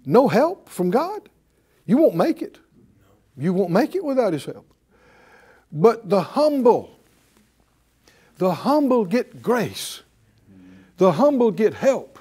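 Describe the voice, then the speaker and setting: A man's voice: sits high, sing-song, slow pace, long pauses, dark tone, husky. A man preaching a sermon, emphatic and repetitive, leading his congregation in spoken affirmations. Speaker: preacher and Bible teacher. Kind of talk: sermon with call-and-response.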